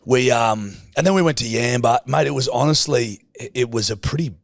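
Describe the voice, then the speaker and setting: A man's voice: medium pitch, brisk, creaky, no room sound, studio quality. A man with an Australian accent, co-hosting a podcast, telling sweary stories in casual banter. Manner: sweary, animated storyteller, acts out quoted voices. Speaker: podcast co-host.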